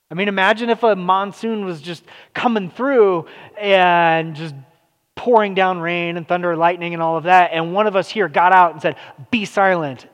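A man preaching a sermon in a loose, conversational way, full of fillers and restarts. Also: high-pitched. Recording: long hall reverb.

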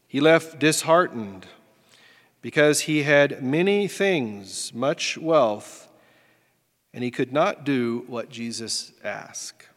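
A man's voice: mid-range voice, animated, slow, long reverb tail. A man preaching a sermon as pastor, in a folksy, self-deprecating way.

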